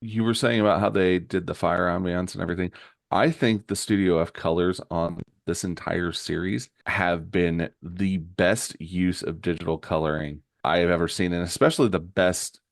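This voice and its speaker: A man's voice: deep voice, vocal fry, no echo, clean studio sound. A man hosting a comic book podcast, narrating scenes and chatting encouragingly with his co-host. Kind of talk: comic book recap and casual discussion.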